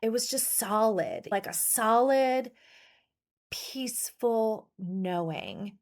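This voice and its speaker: Woman, solo podcast host, earnest, personal storytelling, somewhat high voice. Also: expressive, slow pace, a little mellow. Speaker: podcast host and pet-business coach.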